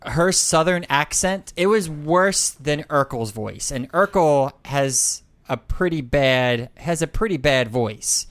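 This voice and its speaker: A man co-hosting a podcast in casual chat, relaxed, who talks in bursts with fillers. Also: a little high, slow pace, few pauses. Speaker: podcast co-host.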